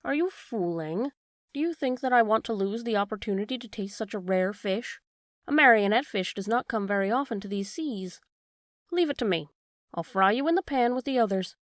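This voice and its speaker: A woman's voice: mid-range voice, animated, moderate pace, no echo, clean studio sound, lightly acted. Woman voicing a gloating green fisherman monster.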